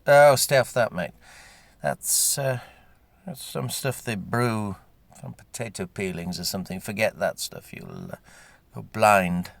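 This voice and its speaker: A man's voice: on the low side, sing-song, a little slow, gravelly, no echo, heavily acted. A man voicing a scarred young male drinker, blunt and chatty, with hesitant fillers.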